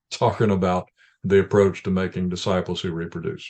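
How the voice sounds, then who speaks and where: Man, interview guest, lowish voice, calm measured storytelling, restarts his sentences. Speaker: ministry leader guest.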